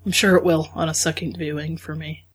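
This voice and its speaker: A woman's voice: deep voice, brisk, husky. A woman co-hosting a podcast, chatting enthusiastically and acting out her own reactions. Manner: enthusiastic, animated retelling with quoted reactions. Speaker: podcast co-host. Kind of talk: casual chat.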